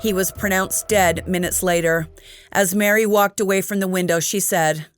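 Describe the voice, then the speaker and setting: A woman's voice: fairly low pitch, fairly even intonation, moderate pace, soft background music. A woman hosting a true crime show, telling the story straight to camera with candid personal asides.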